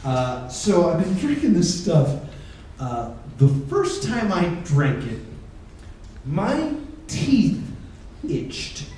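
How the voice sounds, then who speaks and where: A man doing a stand-up comedy set on a convention stage, acting out both sides of his stories with quick voice changes. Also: on the high side, sing-song, a little mellow, slight background noise. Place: convention stage with live audience. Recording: echoey room, far mic, crowd.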